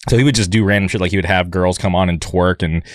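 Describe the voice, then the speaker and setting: A man with a very low voice hosts a podcast and rambles through a story, full of fillers and hesitation. The sound is dry and close. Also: fairly even intonation, quick pace, dry recording. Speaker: podcast host. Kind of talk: casual podcast chat.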